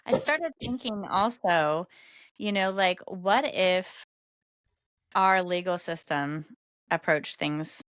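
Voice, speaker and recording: A woman's voice: slow pace, fairly bright tone, clear, resonant tone, no room sound. A woman co-hosting a podcast in casual chat, playful and acting out little quotes. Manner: playful, acts out quotes in a higher voice. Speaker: podcast co-host.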